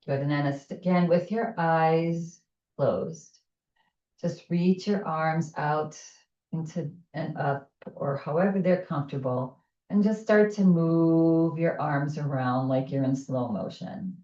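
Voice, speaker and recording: A woman teaching chair yoga, giving gentle, soothing cues and guiding breathing. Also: sits low, takes it slowly, roomy sound, recorded from a distance, muffled recording. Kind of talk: guided chair yoga instruction.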